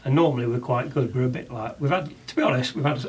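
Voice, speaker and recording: A man's voice: medium pitch, fast, crowd noise. Hedging man playing a game character. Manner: apologetic, hedging. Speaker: player. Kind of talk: casual in-character chat.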